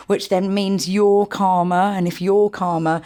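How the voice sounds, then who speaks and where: A woman, a sleep consultant giving calm, practical advice in a casual podcast chat. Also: medium pitch, unhurried. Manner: calm, practical, acts out parents in quotes. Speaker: infant sleep consultant guest.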